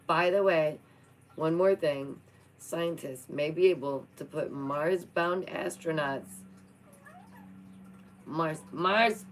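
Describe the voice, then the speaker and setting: A woman's voice: deep voice, measured pace, a little hiss or hum, poor audio. A young woman vlogging, reading science news aloud and joking with her cat in a playful, chatty way. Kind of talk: casual chat reacting to news.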